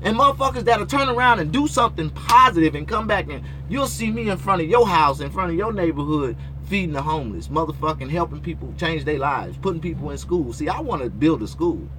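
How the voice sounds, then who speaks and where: A man's voice: fairly high pitch, expressive, a little fast, hardly any pauses, bright, forceful tone, slight background noise. A man hosting his own late-night talk show, ranting in a profane, rambling way from his motorhome. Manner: profane, rambling rant with frequent cursing.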